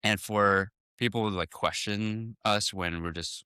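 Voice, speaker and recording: A man, a dentist, speaking as a guest in a casual podcast interview, talking quickly with many restarts and acting out conversations with patients. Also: on the low side, fairly even intonation, pushed and bright, clean tone, no room sound, clean studio sound. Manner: fast, full of restarts, acts out patient talks.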